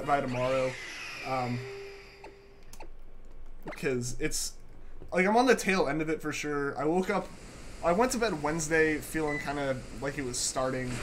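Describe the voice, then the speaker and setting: A young man hosting a live game stream, chatting casually with viewers and often repeating himself, his voice congested as he gets over a sore throat. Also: a little high. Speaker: livestream host. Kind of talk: casual live-stream chat while gaming.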